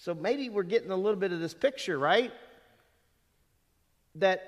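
A man's voice: high voice, lively intonation, moderate pace, pauses often. A middle-aged man preaching a sermon in a church, talking in a conversational way with rhetorical questions and asides. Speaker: pastor. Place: church sanctuary. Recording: long reverb of a church hall.

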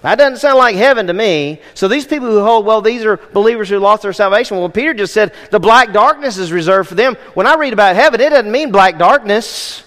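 A man's voice: high-pitched, brisk, hardly any pauses, fairly bright tone, big-room sound. A man preaching as a senior pastor, teaching a sermon in a conversational way with jokes and rhetorical questions.

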